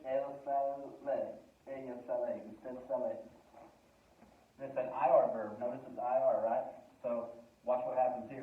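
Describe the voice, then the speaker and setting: A man giving a casual lesson on verbs, chatty and relaxed, spelling words out letter by letter. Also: medium pitch, moderate pace, slight background noise. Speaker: Spanish teacher. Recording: distant, echoey, phone-like sound.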